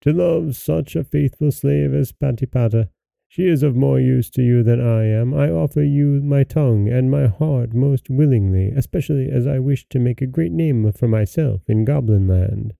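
A man's voice: mid-range voice, normal speed, gravelly, mellow, dry recording, low-quality recording. A man voicing a small, loyal female monkey in a storybook reading, speaking eagerly and a little boastfully.

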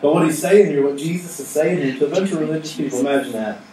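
A man's voice: on the high side, quick pace. A man giving a casual, plain-spoken sermon as pastor, mixing humor with earnest appeals to his congregation. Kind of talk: conversational sermon. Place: church sanctuary with responding congregation. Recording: echoey room, mic at a distance, faint noise.

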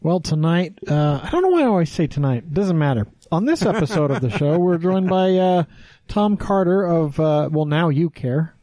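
Male host, relaxed and jokey, warm low-key tone, dry recording. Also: normal speed, no echo. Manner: joking, rambling, lots of uh fillers. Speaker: podcast host. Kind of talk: casual podcast chat.

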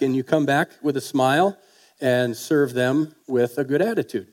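Male preacher, folksy, chatty sermon delivery, asks the room questions, average pitch. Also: normal speed, a little mellow. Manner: folksy, conversational, with fillers and rhetorical questions.

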